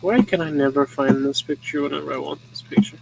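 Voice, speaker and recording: A young adult man hosts a show from a rural home, casually chatting and chuckling as he rambles through his old photos. He talks fast in a gravelly, somewhat high voice, and the audio is poor with slight background noise.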